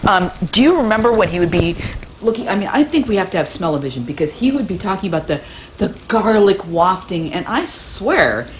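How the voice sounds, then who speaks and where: Her medium-pitched voice swings widely in pitch as she speaks fairly quickly, with slight hiss or hum present. She's a middle-aged woman cheerfully demonstrating a recipe on her kitchen cooking show, chatting away with playful side comments.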